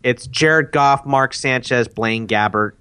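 A man in casual chat during a fantasy football draft, animated and easily exasperated. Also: medium pitch, slow, clear, resonant tone.

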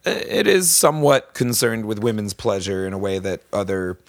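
A man's voice: fairly low pitch, very animated, moderate pace, dry recording. A man guest on a podcast, telling a story in casual chat with lots of fillers and restarts. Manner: rambling storyteller, many fillers.

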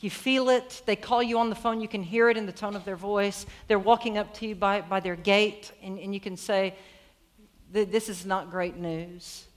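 A woman preacher tells a story in a lively, conversational sermon. She keeps turning to her audience with questions, with an everyday, mid-range voice. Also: mid-range voice, fairly quick, hardly any pauses.

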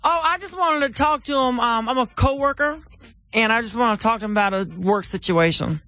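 A woman's voice: on the high side, brisk, dry recording, dull audio. Hesitant woman making a prank call. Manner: feigned hesitant, stammering. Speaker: radio prank caller.

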